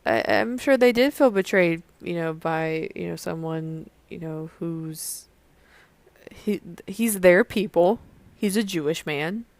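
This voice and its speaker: Low gravelly young woman chatting. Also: takes it slowly, darkish tone, no echo. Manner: rambling, many fillers and restarts. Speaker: podcast host. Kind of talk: casual solo podcast chat.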